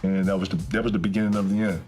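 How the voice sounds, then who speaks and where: A man's voice: sits low, flat delivery, very fast, a little mellow. Reflective man with faint music behind. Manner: reflective, loose and profane. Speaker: guest. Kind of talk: casual interview.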